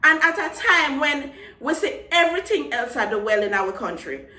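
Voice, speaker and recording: A woman's voice: high-pitched, lively intonation, normal speed, sharp tone. A middle-aged Jamaican woman in a casual vlog, talking passionately and slipping Patois phrases into her English. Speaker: vlogger. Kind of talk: casual chat to camera. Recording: roomy echo, mic at a distance.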